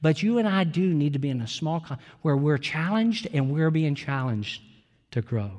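Guy preaching a sermon in church, slow and emphatic, bit of a high voice, echoey room. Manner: earnest, slow and emphatic with pauses. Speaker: pastor. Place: church sanctuary. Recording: reverberant church hall.

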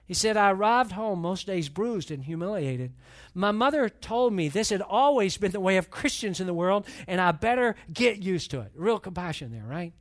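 A man's voice: high-pitched, lively intonation, moderate pace. A man preaching a sermon as pastor, reading and retelling a story with rising, emphatic intensity. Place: church.

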